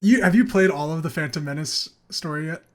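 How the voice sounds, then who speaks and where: Young dude cohosting a game podcast, kinda high voice, rambles with tons of likes. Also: male voice, brisk. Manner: rambling, filler-heavy, enthusiastic. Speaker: podcast co-host. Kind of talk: casual gaming chat.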